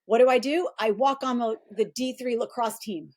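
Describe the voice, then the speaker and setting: Animated middle-aged woman telling stories. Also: moderate pace. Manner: animated, acts out quoted voices in a high pitch. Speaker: guest, performance coach. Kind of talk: casual interview storytelling.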